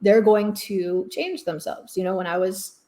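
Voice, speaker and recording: A woman from the American South joins the conversation as a guest English teacher. She speaks at a mid pitch, candid and passionate, thinking aloud as she makes her point. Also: normal speed, mellow. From Southern United States. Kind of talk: casual video-call conversation.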